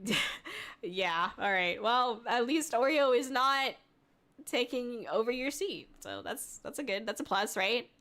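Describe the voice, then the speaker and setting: A woman's voice: fairly high pitch, animated, unhurried, fairly bright tone. A woman VTuber streamer chatting casually on a livestream, reading viewer messages aloud, giggling often and swearing freely.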